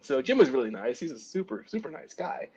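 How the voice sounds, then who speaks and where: A man's voice: mid-range voice, brisk, breathy edge, dull audio. A man, a comic book artist, telling self-deprecating stories in a casual interview, acting out what others said and laughing at himself. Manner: animated anecdotes with lots of "like" and acted-out quotes; self-deprecating, frequent laughs and small coughs.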